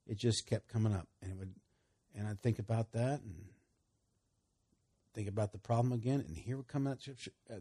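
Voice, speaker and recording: Middle-aged man, preacher giving testimony, lively sing-song delivery, husky. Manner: animated storytelling, voice leaping higher when excited. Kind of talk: sermon testimony.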